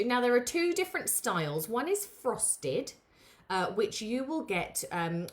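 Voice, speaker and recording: A woman hosting a live craft lesson, chatting warmly with viewers and greeting them by name, with plenty of ums. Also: on the low side. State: out of breath. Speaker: craft tutorial host.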